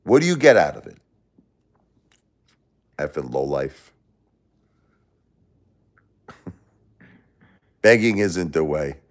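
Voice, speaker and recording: Lively-voiced man ranting at his chat. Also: slow, long pauses. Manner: angry, profane, repetitive, lectures and insults the commenter; jumps between loud outbursts and low muttering. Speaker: livestream host reading chat. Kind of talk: livestream rant at a chat commenter.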